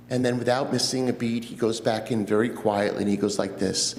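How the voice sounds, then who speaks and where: A man in his fifties, a guest rabbi, preaching a sermon and telling stories earnestly, with pauses. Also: medium pitch, fairly even intonation, vocal fry, a little mellow. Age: 50s. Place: church sanctuary. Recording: echoey church sanctuary.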